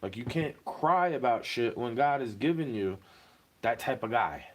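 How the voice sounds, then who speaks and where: A man rants into the camera in a rambling stream, swearing freely. His voice keeps jumping up in heated bursts before sinking back low. The pitch sits in an ordinary middle range for a man. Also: expressive, measured pace. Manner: agitated, profane, rambling, voice rising in bursts. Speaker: vlogger. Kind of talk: ranting monologue.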